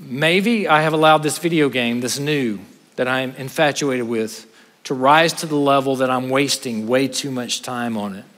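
A man's voice: medium pitch, fairly bright tone. Man preaching in a reverberant hall. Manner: earnest, preaching to a congregation, shifting between fast asides and slow emphasis. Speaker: pastor. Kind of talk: sermon. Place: church sanctuary.

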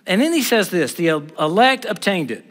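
A man's voice: sits high, sing-song, normal speed, a bit bright. A middle-aged man preaching a sermon in an emphatic, blunt, conversational way. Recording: reverberant hall.

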